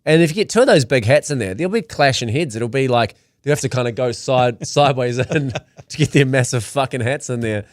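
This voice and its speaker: A man's voice: mid-range voice, expressive, a little fast, dry recording. A New man riffing in loose podcast banter, laughing easily and throwing in crude jokes. His voice sits in a middling range, recorded close and dry with no room sound. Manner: laughs often, crude jokey asides. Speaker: podcast co-host. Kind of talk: casual banter.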